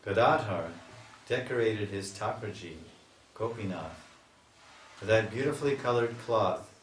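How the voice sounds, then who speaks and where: Swami guy telling devotional tales slowly, roomy echo, faint ambience behind. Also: lowish voice, a little hiss or hum. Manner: slow, lingering, animated storytelling. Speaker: swami giving a spiritual talk. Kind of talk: devotional storytelling sermon. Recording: echoey room, mic far off.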